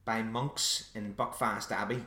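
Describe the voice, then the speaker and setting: On his one-man podcast, a Northern Irish host with a lowish, sharp voice tells a story wryly, poking fun at himself. He speaks in a steady, unhurried tone, and the recording carries a roomy echo.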